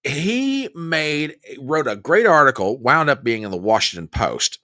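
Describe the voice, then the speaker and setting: A man's voice: a little high, very animated, unhurried, sharp tone, dry recording, studio quality. A man hosting a political commentary livestream, reacting to clips and talking to viewers in an exasperated way. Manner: exasperated, talks back to clips and chat. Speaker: host of a political commentary show.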